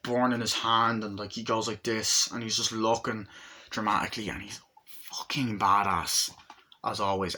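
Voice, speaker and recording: A man casually reviewing an action movie, rambling with excitement and swearing a lot. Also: mid-range voice. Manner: excited, profane, rambling, acts out scenes.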